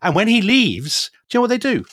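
Guy explaining history on a podcast, really animated voice that swings up and down, keeps laughing, dry mic. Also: high-pitched, a little fast, no echo. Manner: animated storytelling, often laughing mid-sentence. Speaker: guest storyteller explaining history. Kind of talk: casual history podcast conversation.

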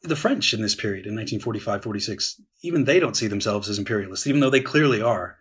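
Husky-voiced man explaining history. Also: lowish voice, lively intonation, fast, fairly bright tone. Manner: explains at length with many restarts and fillers. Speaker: historian guest. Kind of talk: conversational podcast discussion.

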